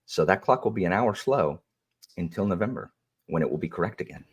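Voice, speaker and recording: A man's voice: deep voice, lively intonation, fairly quick, husky. A man hosting a video call chat in a stiff, overly proper and polite manner. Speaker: host.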